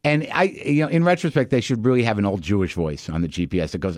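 A man hosting a podcast, telling a story in a casual, animated way, acting out other people's lines and swearing as he goes. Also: fairly low pitch, fast talker, few pauses, no echo, clean studio sound. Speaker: podcast host.

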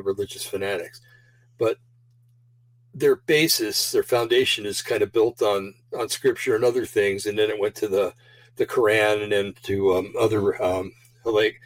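A man's voice: fairly low pitch, dry recording, low-quality recording. A man hosting a show in a casual, rambling monologue, full of fillers and restarts, and slightly out of breath. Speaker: show host.

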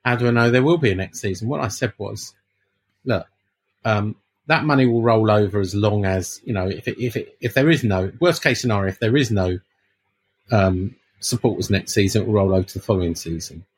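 A man's voice: lowish voice, brisk, breathy edge. A man co-hosting a casual football podcast, stammering and restarting as he explains a point. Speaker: podcast co-host. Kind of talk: casual chat.

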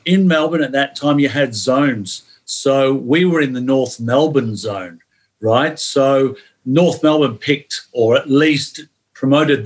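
An older man from England with an English accent, a guest telling chatty stories in a podcast interview. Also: medium pitch. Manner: storytelling, chatty, peppers talk with "yeah".

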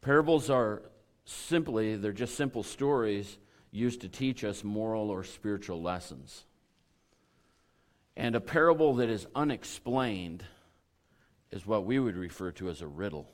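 A middle-aged man preaching a sermon with a hoarse, raspy voice, in a folksy, conversational way full of fillers. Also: on the low side, expressive, a little slow. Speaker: pastor.

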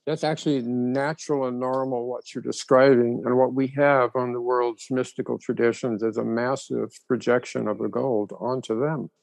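Gravelly man explaining thoughtfully. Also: medium pitch, fairly even intonation, normal speed, few pauses, darkish tone, dry recording, low-quality recording. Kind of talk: reflective conversation.

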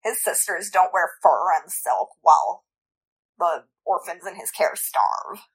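A woman co-hosting a book podcast, measured and thoughtful in her points. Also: fairly low pitch, lively intonation, husky, low-quality recording. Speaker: podcast co-host. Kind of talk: casual book discussion.

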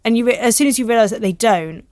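Thoughtful guest, higher voice. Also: female voice, fast, darkish tone, dry recording, studio quality. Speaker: guest, writer. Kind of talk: casual chat.

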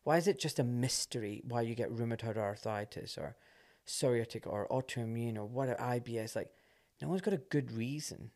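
A man, a surgeon guest telling a story in casual talk, animated and quick to laugh. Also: mid-range voice.

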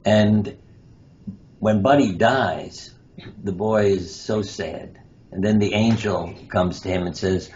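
A surgeon and author, interviewed as a guest, tells anecdotes and acts out the quoted lines. His deep voice is unhurried and a little mellow, captured in dull lo-fi audio with faint noise.

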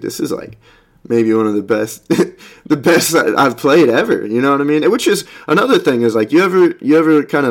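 A young man casually retelling a film's plot, rambling and swearing, with lots of fillers and restarts, acting out the characters' lines and humming drum beats. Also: lowish voice. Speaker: film commentator.

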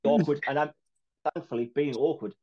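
A man's voice: on the high side, a little fast, dull audio, slight background noise. A man with a Geordie accent hosting a podcast, chatting casually, laughing often and acting out little quotes. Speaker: podcast host. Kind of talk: casual chat.

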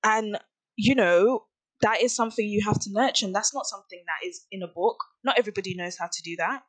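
A woman co-hosting a podcast in an easy, animated way, laughing often and telling stories. Her voice sits at a middling pitch and sounds close and dry, with no room around it. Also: dry recording. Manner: animated, chatty, quick to laugh. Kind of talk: casual chat.

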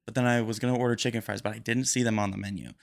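Rambling young man, low voice. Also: fairly even intonation, vocal fry. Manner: rambling, fast-talking and a bit nervous. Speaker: podcast host. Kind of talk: casual solo podcast monologue.

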